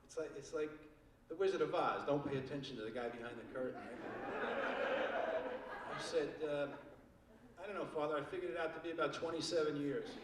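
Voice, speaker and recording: A man's voice: a little high, brisk, long pauses, heavy background noise. An older man doing a stand-up comedy set on a theater stage, telling wry stories with crude punchlines. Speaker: stand-up comic. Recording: echoey theater from far off, loud audience.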